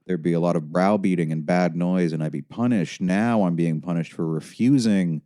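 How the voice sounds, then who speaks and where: A man's voice: deep voice, warm tone. A man narrating his own memoir in an intense, confessional manner. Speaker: author and narrator.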